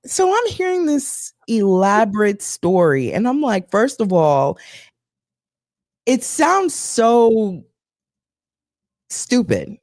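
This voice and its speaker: A woman hosting a casual talk show, telling a gossipy story in an animated way and acting out what others said. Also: fairly high pitch, slow pace, long pauses, no room sound, studio quality. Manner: animated, gossipy, acts out quotes. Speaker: show host.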